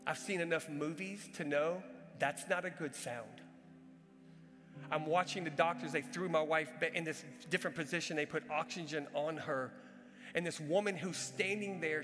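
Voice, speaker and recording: A man preaching an animated testimony in a high, bright voice, acting out the sounds and voices in his story. His voice rings through a large echoing hall. Soft music plays beneath him. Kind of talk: sermon storytelling.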